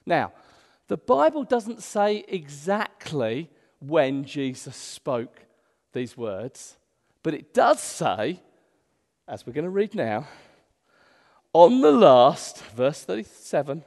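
A male pastor preaching a sermon in a church, animated, swinging between loud emphasis and hushed asides. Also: medium pitch, moderate pace. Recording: long hall reverb.

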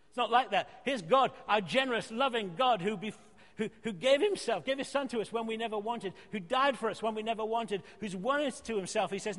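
A man preaching a sermon, earnest and emphatic, swinging between loud exhortation and softer pleading. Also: sits high, fairly quick. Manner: earnest, emphatic, rising to loud exhortation then dropping soft. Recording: long reverb of a church hall.

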